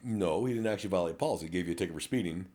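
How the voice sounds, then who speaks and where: A man's voice: sits low, racing. A middle-aged man, a police officer co-hosting a podcast, telling stories in a blunt, profane way. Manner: blunt, profane, animated storytelling. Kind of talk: casual podcast chat.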